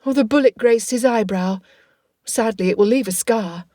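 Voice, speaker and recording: A woman's voice: on the high side, moderate pace, mellow, no room sound, clean studio sound, voice pushed up, lightly acted. Woman doing a playful clever young lady.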